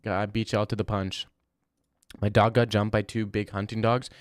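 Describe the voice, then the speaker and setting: A man's voice: fairly low pitch, flat delivery, moderate pace, dry recording, studio quality. A man in his twenties chatting casually on a live stream, rambling bluntly and swearing freely. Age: 20s.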